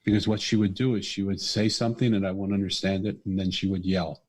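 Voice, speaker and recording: A middle-aged man, a podcast guest and author, telling a personal story in an earnest, animated way. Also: deep voice, quick pace, husky. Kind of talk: conversational storytelling.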